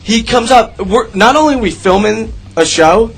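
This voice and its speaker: A man in his thirties hosting a radio show, rambling loudly and swearing a lot in casual banter. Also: high voice, animated, normal speed, breathy edge, soft background music, rough recording. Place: radio studio.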